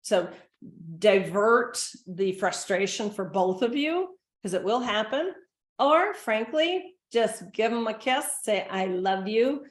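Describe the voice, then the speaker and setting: A woman's voice: a little high, animated, slow, roomy sound. A middle-aged woman giving a recorded presentation to caregivers, talking in a conversational, earnest way. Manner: conversational, earnest, acts out gentle quoted lines. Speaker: dementia care consultant and presenter.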